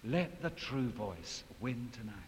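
Slow dramatic male preacher in a hall. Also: mid-range voice, very animated. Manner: dramatic, swinging from loud to hushed. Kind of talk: sermon. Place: large hall. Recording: long hall reverb, faint hiss.

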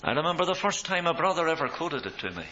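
A man preaching a sermon, swelling in pitch and loudness for emphasis, on a dull recording with mains hum. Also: very animated, fast.

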